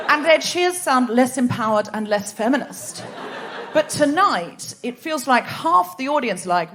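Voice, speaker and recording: High-voiced woman hosting a live comedy show. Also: expressive, normal speed, a crowd in the background. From Australia. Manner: playful, teasing audience banter. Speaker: host. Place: theatre stage before live audience. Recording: noisy live theatre recording.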